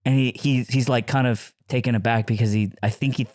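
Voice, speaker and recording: A man's voice: medium pitch, fairly quick, dry recording, clean studio sound. A young man and podcast co-host telling a story in casual chat, laughing often and acting out what people said. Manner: animated, laughs often, acts out quotes.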